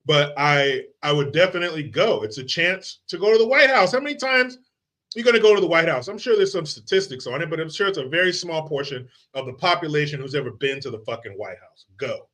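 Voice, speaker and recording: A man's voice: fairly high pitch, pushed and bright. A man hosting a live commentary stream, ranting in a casual, mocking and profane way. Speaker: livestream host.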